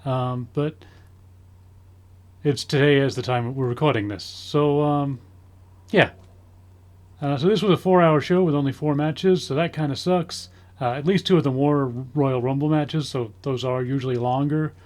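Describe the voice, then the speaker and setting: A man's voice: mid-range voice, fairly even intonation, moderate pace, darkish tone. A man giving a casual spoken review in a rambling way, full of ums, with dry sarcastic asides. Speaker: wrestling show reviewer.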